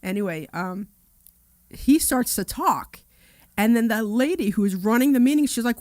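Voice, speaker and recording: A woman's voice: fairly high pitch, animated, moderate pace, a little mellow, dry recording. Chatty woman co-host on dry radio. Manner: chatty storyteller, lots of "yeah" and "you know". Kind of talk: casual radio chat.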